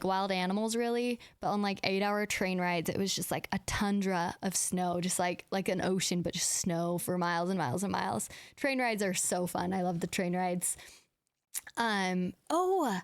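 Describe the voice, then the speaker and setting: A woman's voice: medium pitch, clean tone, no room sound, clean studio sound. A young woman hosting a podcast, telling stories in a casual, chatty way with lots of "like" and acted-out dialogue. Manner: chatty, full of "like" and quoted dialogue. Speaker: podcast host. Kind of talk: casual storytelling chat.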